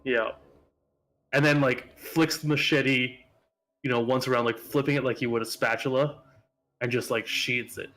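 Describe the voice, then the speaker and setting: A man narrating his character's actions as a guest player in a tabletop game, telling it in a drawn-out way with fillers. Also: mid-range voice, steady tone, a bit bright. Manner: slow, drawn-out storytelling with frequent fillers.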